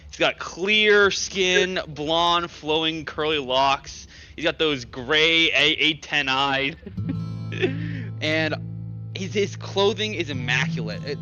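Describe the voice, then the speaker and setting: A man playing a tabletop game, describing his character in an unhurried way. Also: a little high, bright, forceful tone, muffled recording. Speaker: player.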